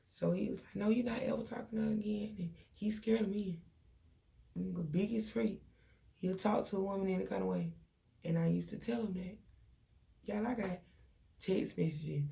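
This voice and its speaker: A young woman, venting to her viewers in a casual, animated story full of quoted dialogue. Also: on the low side, vocal fry. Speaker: vlogger.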